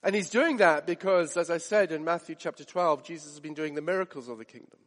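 Male preacher, high voice, emphatic and repetitive, long hall reverb. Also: fast talker, fairly bright tone. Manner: emphatic, builds stakes with repetition and rhetorical questions. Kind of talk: sermon.

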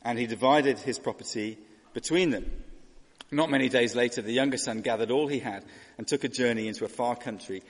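A man's voice: medium pitch, a little fast, big-room sound. A man preaching a sermon in a conversational way, asking rhetorical questions and voicing characters.

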